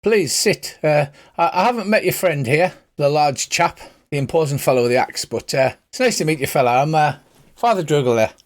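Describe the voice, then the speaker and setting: A man's voice: fairly high pitch, animated, brisk, close to an everyday voice. A man voicing a large, sly male priest with a put-on Irish accent, chatty and folksy. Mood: jovial. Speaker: cleric character.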